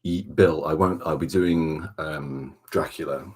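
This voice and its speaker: A man with a Welsh accent hosting a relaxed ASMR livestream from a dark room at home, chatting softly and greeting viewers by name. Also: rumbling low, a little slow, breathy edge. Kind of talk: soft-spoken ASMR chat.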